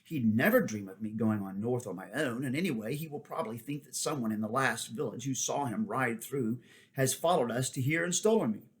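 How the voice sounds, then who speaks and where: A proud talking war horse from a storybook, brisk and commanding, with a scornful edge, as a man reading the tale puts him on. His voice sits at an ordinary middle pitch for a man. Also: close to an everyday voice. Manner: brisk, commanding, a little contemptuous. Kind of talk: audiobook character voice.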